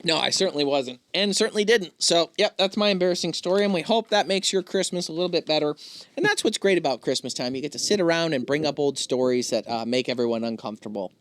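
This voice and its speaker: A man hosting a podcast, telling a story in casual chat, animated and laughing often. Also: a little high, quick pace. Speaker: podcast host.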